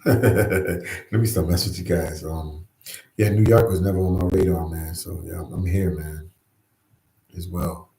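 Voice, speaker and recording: Casting: laid-back male livestream host, lowish voice, echoey room, chats loosely with viewers. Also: fairly even intonation, unhurried, gravelly, mellow, slight background noise. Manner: easygoing, repeats phrases, says "man" often. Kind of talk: casual live chat. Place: New York.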